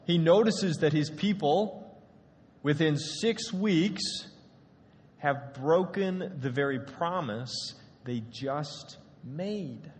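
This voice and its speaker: A man's voice: fairly high pitch, takes it slowly, darkish tone, long reverb tail, slight background noise. A male pastor preaching a sermon to a congregation in a casual, conversational way.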